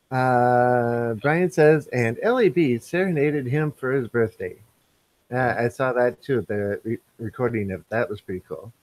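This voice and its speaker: A man's voice: mid-range voice, a little slow, darkish tone, no echo. A man hosting a casual live stream, reading viewers' chat messages aloud and answering them.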